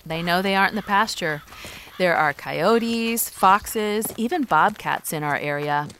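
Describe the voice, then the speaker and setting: A woman's voice: lowish voice, measured pace, slight background noise. A middle-aged woman co-hosting a podcast, chatting casually while walking outdoors on a farm and calling to her goats. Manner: lively, calls loudly to her goats. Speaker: podcast co-host. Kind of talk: casual chat on a farm walk.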